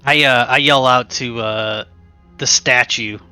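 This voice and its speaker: A man playing a tabletop game, speaking slowly and haltingly and declaiming his character's lines. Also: mid-range voice, fairly even intonation, pushed and bright, faint music behind. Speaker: player. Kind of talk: in-character play chat.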